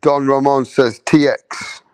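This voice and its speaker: A man's voice: mid-range voice, fairly even intonation, slow pace, clear, resonant tone, no echo. A man chatting loosely on a livestream, rambling and swearing as he reads viewer comments. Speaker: livestream host. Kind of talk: casual livestream chat reading viewer comments.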